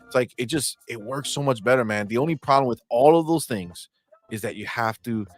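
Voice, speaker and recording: A man's voice: medium pitch, fairly quick. Talkative man, casual podcast chat. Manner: animated, swears freely, many fillers. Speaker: podcast co-host. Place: home game room.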